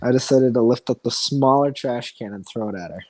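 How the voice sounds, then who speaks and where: A man's voice: medium pitch, a little fast, a little mellow, dry recording, low-quality recording. A man co-hosting a casual podcast, rambling through anecdotes with many fillers and casual swearing. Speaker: podcast co-host. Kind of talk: casual chat.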